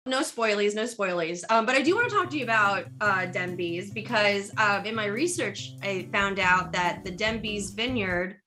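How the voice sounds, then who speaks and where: A woman's voice: mid-range voice, animated, normal speed, few pauses, pushed and bright, soft background music. A woman hosting a comedic drinking chat show over a video call, teasing and bawdy with her guests. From United States. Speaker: host.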